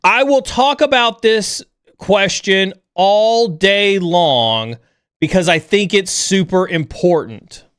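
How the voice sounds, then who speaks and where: A man's voice: high voice, lively intonation, takes it slowly, a bit bright, clean tone, no room sound, clean studio sound. A man hosting a livestream chat, talking bluntly and with lots of energy, sometimes mocking others in an overreactive voice. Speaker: stream host.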